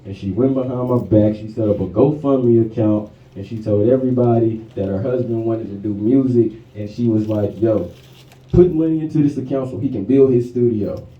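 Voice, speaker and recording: A man's voice: on the low side, moderate pace, muffled recording. A man who raps, talking to a live audience between songs in a casual, slangy way. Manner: laid-back, slangy, conversational. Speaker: rapper performing live. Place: live music venue. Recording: echoey room, mic at a distance, music behind.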